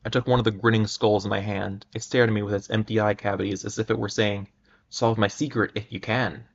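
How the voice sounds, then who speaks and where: A man giving a dramatic reading of an old adventure story at a measured pace, sometimes stumbling and restarting words. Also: on the low side, flat delivery, gravelly. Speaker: reader. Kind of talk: dramatic reading of pulp fiction. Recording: muffled lo-fi recording.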